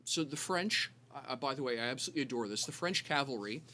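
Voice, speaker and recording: A man's voice: mid-range voice, animated, quick pace, sharp tone, slight background noise. A man runs a tabletop game as game master. He rambles through his descriptions, full of fillers and false starts, and keeps circling back to his point. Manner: rambling, many fillers and restarts.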